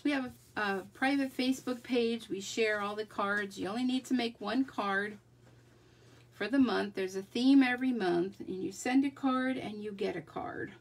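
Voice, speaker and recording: During a live card-making demonstration, a woman with a mid-range voice at normal speed chats along and talks herself through the work.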